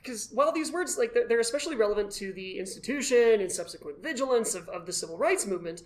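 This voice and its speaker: Man telling a lively self-mocking story. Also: high-pitched, fast talker. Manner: animated and self-deprecating, acts out his own past thoughts. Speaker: guest, costumed charity volunteer. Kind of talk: casual storytelling in a conversation.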